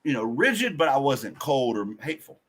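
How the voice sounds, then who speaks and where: Husky man telling his story bluntly. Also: medium pitch, brisk. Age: adult. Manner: profane, blunt, animated storyteller. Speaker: podcast guest. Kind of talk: candid personal storytelling.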